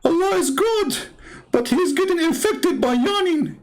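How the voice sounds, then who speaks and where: Frantic whiny pleader, put on by a man: shrill, near crying, mocking. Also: lively intonation, normal speed. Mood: frantic pleading. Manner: high crying plea.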